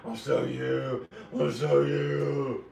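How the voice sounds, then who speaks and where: Man putting on a gravelly boastful tough guy. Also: mid-range voice, level tone, drawn-out words, darkish tone, full character voice. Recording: echoey room, mic at a distance.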